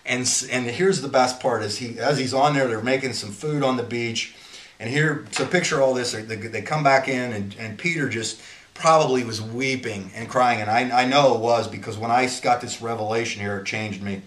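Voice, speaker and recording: A man of middle pitch talks through a Bible passage in a loose, earnest way. He often circles back and restarts his sentences as he goes. The room around him is roomy and echoey. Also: normal speed, a bit bright. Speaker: Bible teacher and businessman. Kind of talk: informal Bible teaching.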